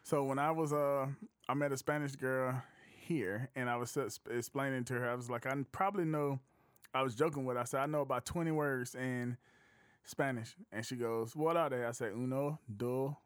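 A man's voice: mid-range voice, fairly even intonation, moderate pace, clear, resonant tone, no echo. A man in easy conversation as a podcast host, loose and jokey, laughing often. The sound is dry and close, with no room around it. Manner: laid-back, laughs often, loose storytelling. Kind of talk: casual chat.

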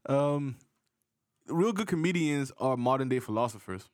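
A man's voice: medium pitch, moderate pace, no room sound. Laid back guy from charleston rambling thru a story on a podcast, dead dry close sound. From Charleston, South Carolina. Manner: relaxed, rambling storyteller with restarts. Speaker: podcast co-host. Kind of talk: casual chat.

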